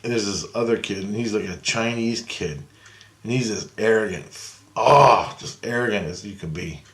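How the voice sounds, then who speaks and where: A man telling a dream story in a casual vlog, animated, swearing heavily and acting out what people said. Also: fairly low pitch, normal speed. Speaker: vlogger.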